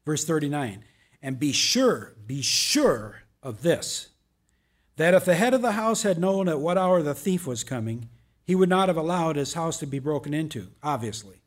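Man, pastor, sermon, slightly high voice, emphatic readings, casual asides. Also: big pitch swings, normal speed. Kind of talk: verse-by-verse sermon.

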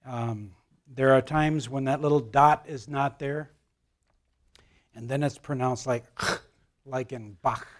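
Halting, joking Bible class teacher, a man. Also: mid-range voice, fairly even intonation. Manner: halting, full of fillers and restarts. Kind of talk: joke-telling Bible lesson.

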